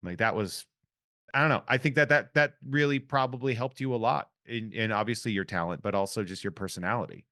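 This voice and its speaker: Low-voiced rambling male podcast host. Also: brisk, bright, forceful tone. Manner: rambling, full of restarts and 'like' fillers. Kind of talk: casual chat.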